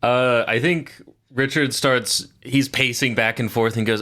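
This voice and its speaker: A man's voice: mid-range voice, steady tone, measured pace, fairly bright tone. A man playing a tabletop game, describing his character's actions hesitantly. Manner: hesitant, thinking aloud. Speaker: player.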